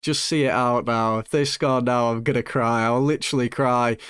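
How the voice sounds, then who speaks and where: A young man commentating his own football management game, excitable and swinging between nervous hush and loud joy, swearing now and then. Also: mid-range voice, normal speed, clean tone, dry recording, studio quality. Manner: excitable, swings from hushed nerves to shouting joy. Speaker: gaming YouTuber.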